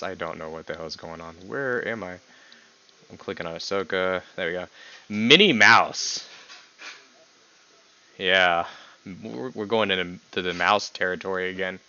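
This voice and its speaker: A young man hosting a casual podcast stream, teasing his guest and laughing often as his voice jumps up when excited. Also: low voice, lo-fi sound. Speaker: podcast host. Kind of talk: casual chat ranking characters with a guest.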